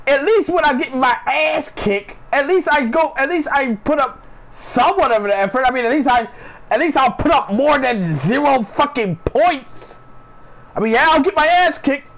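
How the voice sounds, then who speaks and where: A man's voice: very high voice, animated, normal speed, a bit bright, low-quality recording. A man ranting in a casual vlog, swearing a lot, repeating himself and sounding incredulous. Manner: profane, repetitive, incredulous ranting. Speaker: sports vlogger.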